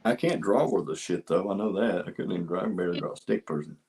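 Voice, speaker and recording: Husky low-voiced man joking around. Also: lively intonation, fast, darkish tone. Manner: joking, self-mocking, swears freely. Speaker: comedian co-host. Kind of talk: casual chat.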